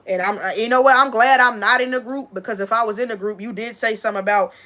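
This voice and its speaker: A woman's voice: fairly high pitch, steady tone, fast talker, bright, forceful tone. Emphatic woman livestreaming, repeating herself. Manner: emphatic, repeats herself, talks straight to a friend. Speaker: livestream host. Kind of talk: casual livestream talk to viewers.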